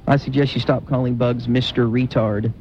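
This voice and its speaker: A man's voice: steady tone, normal speed, a little mellow. A man co-hosting a radio show, needling the others with mock-serious jabs. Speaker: radio co-host. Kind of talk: casual radio banter. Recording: muffled radio recording with faint rumble.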